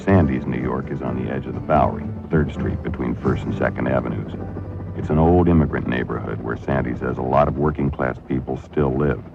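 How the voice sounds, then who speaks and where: Brief: deep, gravelly male documentary narrator, matter-of-fact read, old thin phone-like sound. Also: steady tone, fairly quick. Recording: tinny lo-fi film soundtrack with music.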